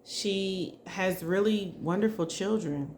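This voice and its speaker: A woman doing a psychic spirit reading, speaking softly and emotionally and addressing the spirit directly. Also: mid-range voice, slow, slight background noise. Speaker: psychic reader.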